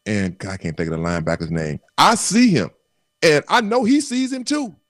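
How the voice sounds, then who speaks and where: A man telling football stories as a radio guest, acting out quoted voices with laughter and bursts of shouting. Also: fairly high pitch, normal speed, no room sound, studio quality. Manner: animated storyteller, acts out quotes with laughs. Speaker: guest, former football player. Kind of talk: casual storytelling on radio call-in.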